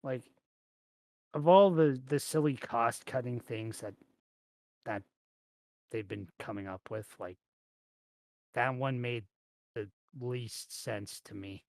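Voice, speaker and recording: Gravelly man chatting on a call. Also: mid-range voice, slow pace, long pauses, darkish tone, dry recording. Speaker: podcast co-host. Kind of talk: casual chat. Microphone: video call.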